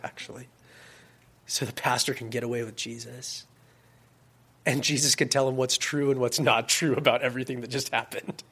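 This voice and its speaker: A man preaching a casual sermon as a youth pastor. He swings between loud, emphatic stretches and quiet, soft-spoken asides. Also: mid-range voice.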